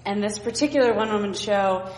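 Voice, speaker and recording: A woman's voice: medium pitch, fast, a little mellow. A woman solo performer introducing her one-woman show on stage, easygoing and hesitant. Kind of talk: live stage talk. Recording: echoey noisy live room, long reverb.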